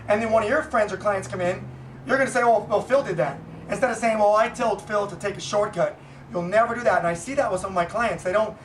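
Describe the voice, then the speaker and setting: A man's voice: sits high, fairly bright tone, recorded from a distance, a little hiss or hum. A man venting bluntly and profanely in a casual rambling monologue, recorded in an echoey room away from the mic. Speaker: vlogger, business owner. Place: Boise, Idaho.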